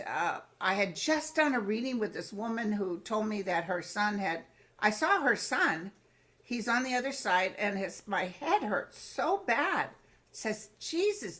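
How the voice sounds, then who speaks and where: A woman, a psychic medium guest in an interview, telling personal stories in a lively, colloquial way and acting out the voices she quotes. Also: mid-range voice.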